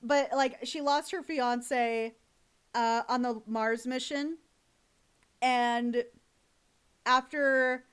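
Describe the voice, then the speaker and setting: A young woman chatting on a live stream from her home setup, her voice pitched high. She rambles and gushes, swears casually and stops to thank her chat. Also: steady tone, drawn-out words, pauses often, fairly bright tone, clear, resonant tone.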